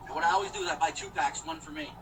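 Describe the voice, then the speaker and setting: Bright, joking man streaming from his car. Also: a little high, steady tone, very fast, distant mic, slight background noise, rough recording. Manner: joking, rambling, talks to viewers. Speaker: host of a live stream. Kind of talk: casual live-stream chat while driving. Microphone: phone.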